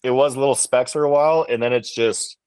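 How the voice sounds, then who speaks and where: A man on a podcast, a bowhunting guest telling a hunting story in a relaxed, rambling way with lots of fillers. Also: mid-range voice, a little fast, clean tone, no echo. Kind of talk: casual storytelling in an interview.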